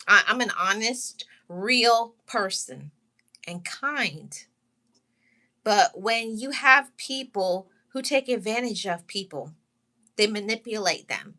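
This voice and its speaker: Bright-voiced woman, tearful heartfelt testimony. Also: medium pitch. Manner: heartfelt, repetitive, pausing and restarting, greets live chat. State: holding back tears. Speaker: channel host sharing her story. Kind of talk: emotional personal testimony to viewers.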